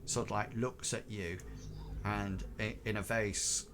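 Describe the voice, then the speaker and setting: A man's voice: fairly low pitch, steady tone, unhurried, a bit bright, a little hiss or hum. A man running a tabletop game on a live stream, narrating scenes in a hesitant way, full of ums and restarts. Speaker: game master.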